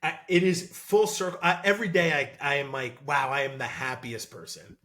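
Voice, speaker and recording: Animated guy in his 30s chatting on a podcast, fast stories, lots of "like" and "dude", a bit higher voice. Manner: animated, excitable storytelling with many fillers. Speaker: podcast guest, former college football player. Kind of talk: casual podcast interview.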